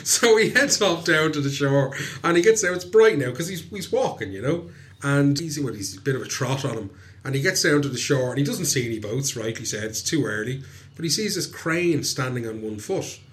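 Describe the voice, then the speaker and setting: A man with an Irish accent retelling a folk tale in a casual, chatty podcast, animated and laughing often. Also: medium pitch, brisk. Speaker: podcast host, storyteller. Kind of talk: casual storytelling chat.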